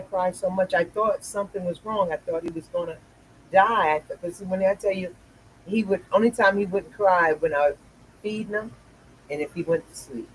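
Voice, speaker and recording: A woman's voice: on the low side, a little hiss or hum, poor audio. An older woman hosting a casual chat, telling rambling stories with many restarts. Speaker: host.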